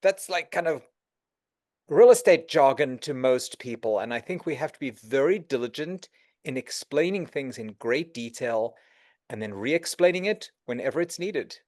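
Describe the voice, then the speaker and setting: A middle-aged man speaking as an interview guest, giving advice and acting out quoted exchanges. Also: normal speed. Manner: animated, acts out quoted dialogue with shifts in pitch. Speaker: interview guest, real estate executive.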